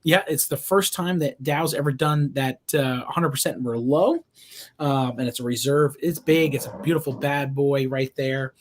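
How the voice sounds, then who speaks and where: A man hosting a live online wine show, pitching bottles and prices with lots of fillers and restarts. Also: normal speed. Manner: chatty, enthusiastic salesman with many fillers and restarts. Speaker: wine shop host. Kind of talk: live-streamed wine show, casual sales talk.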